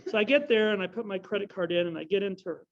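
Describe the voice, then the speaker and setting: A man's voice: high voice, very fast. A middle-aged man giving a talk with questions, telling rambling stories and correcting himself as he goes. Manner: rambling storyteller, self-correcting. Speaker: guest speaker. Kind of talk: anecdotal talk with Q&A. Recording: dull lo-fi recording.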